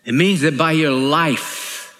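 Earnest male preacher with a raised pitch, heard in a reverberant church. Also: slow pace, a bit bright, soft background music. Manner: earnest, emphatic, repeats phrases. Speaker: pastor. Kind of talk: sermon. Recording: echoey hall.

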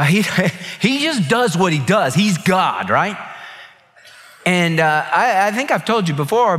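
A pastor giving a sermon, telling a story in a soft low voice and then rising with emphasis on his main points. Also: big-room sound. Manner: storytelling, quoting others' words softly and lower.

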